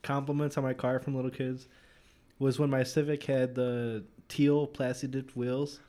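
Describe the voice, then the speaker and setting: A man's voice: medium pitch, little pitch movement, moderate pace, dark tone. A man in casual chat, eagerly asking questions and reacting.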